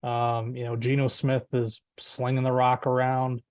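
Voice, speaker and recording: A man giving his sports picks in a halting way, often repeating words as he thinks. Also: medium pitch, completely flat delivery, darkish tone, dry recording. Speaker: sports panelist. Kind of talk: casual sports picks chat.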